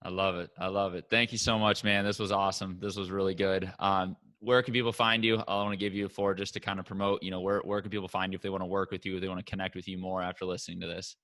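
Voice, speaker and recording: A man's voice: low voice, little pitch movement, fast, hardly any pauses, fairly bright tone, no room sound. A man hosting a podcast, enthusiastically thanking his guest and closing the episode. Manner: enthusiastic, grateful. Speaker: podcast host. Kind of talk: interview host wrap-up.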